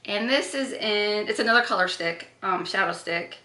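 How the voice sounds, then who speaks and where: Bright, gushing woman in an echoey room. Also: mid-range voice, normal speed. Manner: chatty and gushing, with gasps and self-corrections. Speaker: beauty vlogger. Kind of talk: casual makeup unboxing chat. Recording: roomy echo.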